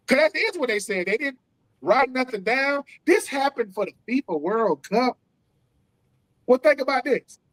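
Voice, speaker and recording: A man in his forties with a notably high speaking voice chats on a sports podcast. He is animated and slangy, and he keeps acting out the people in his stories. He sounds like a former player talking shop with his co-hosts. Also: a little slow, low-quality recording. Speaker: co-host, former football player. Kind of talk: casual sports podcast chat. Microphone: streamed remote call.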